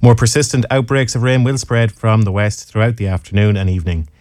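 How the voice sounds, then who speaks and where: An Irish man reading the weather forecast and introducing a farming radio show in a steady, measured way. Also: lowish voice, dry recording, clean studio sound. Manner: measured, steady broadcast delivery.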